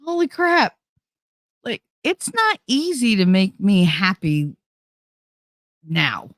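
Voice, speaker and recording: A woman hosts a casual livestream, chatting with viewers, swearing freely and laughing a lot, her pitch swooping wildly up and down. She speaks slowly into a desk microphone, with studio-quality sound and no room sound.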